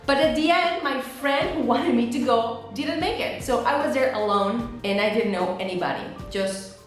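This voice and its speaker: A woman, telling a storytime vlog and acting out quotes with dramatic jumps in pitch. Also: moderate pace. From Mexico. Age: 30s. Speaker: vlogger. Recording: very echoey room, faint music.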